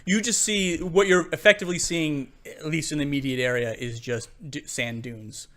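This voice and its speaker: Halting young man running a tabletop game. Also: on the high side, steady tone, fairly bright tone. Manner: halting, filler-heavy narration. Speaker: game master.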